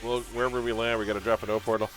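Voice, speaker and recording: A man's voice: medium pitch, level tone, very fast, fairly bright tone, soft background music. A man chatting casually while live-streaming a game, laughing often and drifting into pop-culture tangents.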